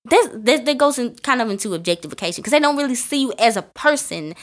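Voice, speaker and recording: A young woman co-hosting a podcast in casual chat, emphatic and animated, her voice climbing into exclamations. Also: a little high, fast talker. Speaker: podcast co-host.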